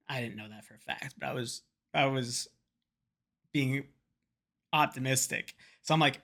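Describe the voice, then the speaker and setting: A man's voice: medium pitch, fairly even intonation, brisk, sharp tone. A man vlogging, telling a rambling, profane story in a casual chat to camera and slipping into quoted voices.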